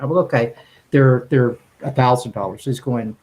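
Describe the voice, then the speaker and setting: A man's voice: mid-range voice, moderate pace, a little mellow, rough recording. A man telling a rambling, enthusiastic story as a guest on a video call, with frequent restarts. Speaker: guest, music streaming executive.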